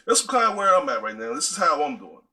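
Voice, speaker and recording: A man talks straight to his viewers in a casual, preachy way. His voice sits high and sounds very bright. He keeps calling his listeners y'all. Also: sing-song, quick pace, low-quality recording. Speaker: video host. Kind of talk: casual direct-to-camera talk.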